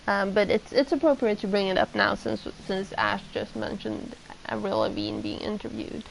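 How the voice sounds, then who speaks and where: A woman's voice: medium pitch, very animated, normal speed, gravelly, slight background noise, poor audio. A woman from Sweden with a Swedish accent, chatting casually and rambling as she streams a game. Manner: rambling, meandering, with many fillers. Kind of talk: casual chat while gaming.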